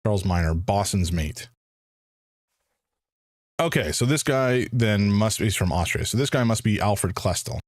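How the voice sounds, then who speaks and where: A man's voice: lowish voice, lively intonation, moderate pace, pauses often, no echo, clean studio sound. A man streaming a first playthrough of a detective game, thinking aloud in a hesitant way with frequent restarts. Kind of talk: casual live game commentary.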